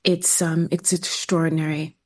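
Woman writer, interview guest, reflective, halting, lower voice. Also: flat delivery.

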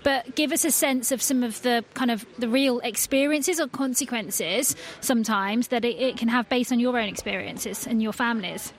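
A woman hosting a radio panel with a fairly high voice. She keeps the talk moving, inviting each guest in with open questions. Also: moderate pace, hardly any pauses. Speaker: radio host. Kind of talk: radio discussion.

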